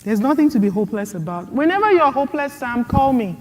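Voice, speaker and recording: A woman's voice: high-pitched, quick pace. A middle-aged woman, a guest speaker answering questions at a conference, earnest and telling stories. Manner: earnest, storytelling with lively quoted asides. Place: conference hall. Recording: hall reverb.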